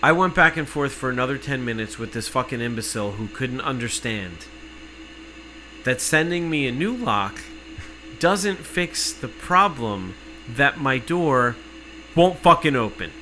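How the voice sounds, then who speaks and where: A man telling an exasperated, profane story in casual podcast chat, cursing freely and working himself up to shouting. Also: mid-range voice, expressive, unhurried, soft background music, poor audio.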